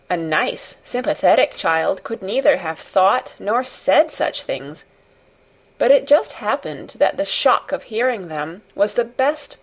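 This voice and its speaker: A woman reading a classic novel aloud as an expressive audiobook narrator. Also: medium pitch. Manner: expressive storytelling. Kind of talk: scripted narration.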